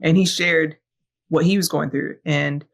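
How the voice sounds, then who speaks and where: A woman who is a fire battalion chief tells a personal story as a podcast guest, earnest and reflective, with many ums and uhs. Her voice is deep with vocal fry, and she keeps a steady tone and a measured pace.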